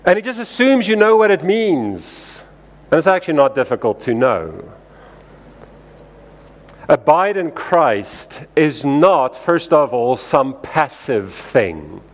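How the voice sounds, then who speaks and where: A man's voice: fairly high pitch, big pitch swings, slow pace. Guy pastor preaching, chatty, does little voices quoting folks, lots of hall reverb. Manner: conversational preaching, quotes people in character voices. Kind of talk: sermon.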